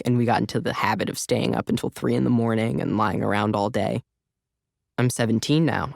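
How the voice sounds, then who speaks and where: A man's voice: medium pitch, gravelly, dry recording, clean studio sound. A man narrating a first-person audiobook in a wry, conversational voice. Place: recording studio.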